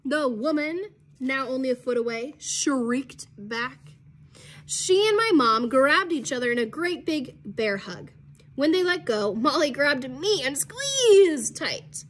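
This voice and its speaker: A woman's voice: high-pitched, expressive, slow, a little hiss or hum. A woman teacher reading a children's novel aloud to her class, playful and laughing at her own slips in casual asides.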